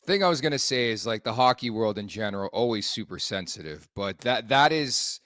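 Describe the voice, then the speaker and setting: A Canadian man co-hosting a hockey podcast in a loose, profane, joking way. His voice sits low. The sound is dry and close, with no room around it. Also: expressive, brisk, a bit bright, dry recording. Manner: profane, blunt, laughing asides. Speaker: podcast host. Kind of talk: casual sports chat.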